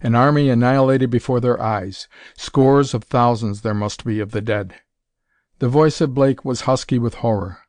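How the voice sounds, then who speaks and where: A man's voice: medium pitch, steady tone, normal speed, darkish tone, no room sound. Man narrating an audiobook, dry sound. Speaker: audiobook reader. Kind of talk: scripted narration.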